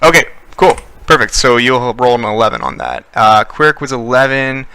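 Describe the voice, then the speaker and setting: Young male GM, hesitant narrator, bright clear voice, dry close mic. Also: medium pitch, very animated, normal speed, no echo. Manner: hesitant, many fillers and restarts. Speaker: game master. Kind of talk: narrating a tabletop game.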